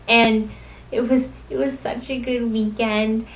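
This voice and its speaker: A woman with a fairly high voice vlogs from home, giving a casual, rambling recap of a convention weekend. She tells excitable stories punctuated with giggles, and the recording is rough.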